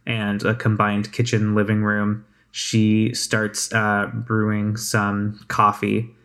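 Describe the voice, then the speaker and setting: A man narrating as game master of a tabletop game, relaxed and full of fillers. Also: on the low side, slow pace.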